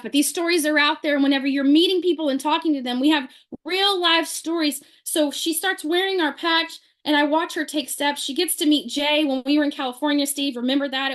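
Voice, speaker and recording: Woman, high pitch, animated storyteller who acts out the quotes; testimonial talk to a group. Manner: lively, acts out quoted people in her story. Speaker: speaker sharing a testimonial.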